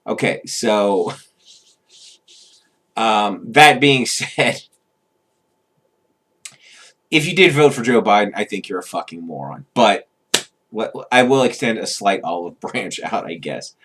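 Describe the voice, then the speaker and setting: A man's voice: on the low side, animated, a little slow, fairly bright tone. A man ranting as a vlogger, swearing often and stopping on frequent fillers. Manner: profane, agitated, many fillers. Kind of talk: political rant.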